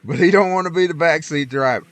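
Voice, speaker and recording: A streamer with a slightly high, fairly bright voice speaks at a quick pace, recorded without echo. He rambles in a folksy way about faith and scripture during casual gaming chat, with preachy asides.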